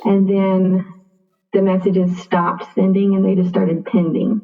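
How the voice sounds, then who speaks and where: A woman's voice: mid-range voice, flat delivery, a little slow. A young woman earnestly telling her personal story as a podcast guest, often saying "like" and replaying conversations. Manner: earnest, full of reported speech and "like". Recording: tinny phone-like sound, distant from mic.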